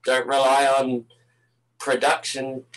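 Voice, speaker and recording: An older man from New Zealand speaks as a guest in an interview, his New Zealand accent softened by years in Canada. His voice sits at a middle pitch. He talks in an easygoing, halting way, with many ums and uhs. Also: completely flat delivery, rough recording. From Napier, New Zealand. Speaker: band musician, guest. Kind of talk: casual interview.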